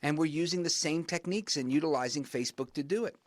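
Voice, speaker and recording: A man hosting a talk radio show, delivering an emphatic monologue that keeps rising in pitch to stress his points. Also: quick pace, dry recording.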